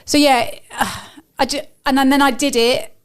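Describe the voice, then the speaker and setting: A woman's voice: high-pitched, fairly even intonation, measured pace. A woman with an English accent, chatting casually as a podcast co-host, enthusiastic and given to fillers. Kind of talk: casual chat.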